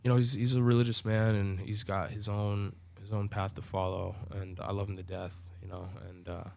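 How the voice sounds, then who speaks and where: A man's voice: lowish voice, little pitch movement, moderate pace, gravelly, darkish tone. A man telling his own story as a podcast guest in a loose, profane way, full of filler words. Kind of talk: casual storytelling.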